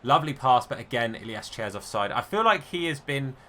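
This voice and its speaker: A man talks through his own football video game match as he plays it. His voice is bright and forceful. He is chatty and self-deprecating, and swings between excitement and disappointment. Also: medium pitch, brisk. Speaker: gaming YouTuber.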